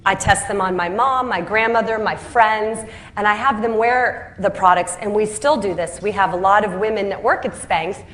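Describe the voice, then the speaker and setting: There's slight background noise as a woman founder gives a speech about her story, medium in pitch and normal in speed. Lively and self-mocking, she impersonates the people she quotes and laughs at her own punchlines.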